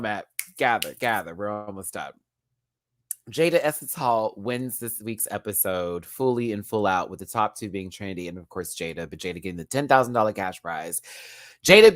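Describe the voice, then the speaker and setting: A man hosting a live review of a reality show, talking in an animated, slangy way. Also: medium pitch, dry recording, clean studio sound. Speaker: show host.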